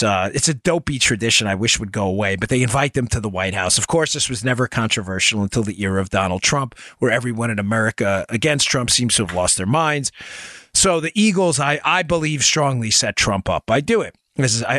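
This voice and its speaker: A man's voice: medium pitch, bright, forceful tone, no room sound, clean studio sound. A middle-aged man from New York hosting a political commentary podcast, emphatic and firing off rhetorical questions to his listeners. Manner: emphatic, fires rhetorical questions, talks to "folks". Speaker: podcast host.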